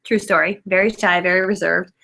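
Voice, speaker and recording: A woman's voice: lowish voice, fairly even intonation, brisk, creaky, bright, forceful tone. A woman in her thirties telling her own story in casual, filler-heavy chat, self-mocking and loose. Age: 30s. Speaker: guest speaker.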